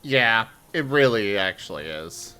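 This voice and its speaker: Male streamer, lively pitch, unhurried, teasing. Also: clean tone. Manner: relaxed, drawn-out, teasing. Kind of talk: casual stream chat.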